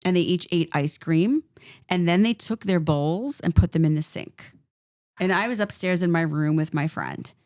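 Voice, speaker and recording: Woman podcast host, low voice, dry close sound, animated rambling storytelling. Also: normal speed, no room sound. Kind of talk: casual storytelling chat.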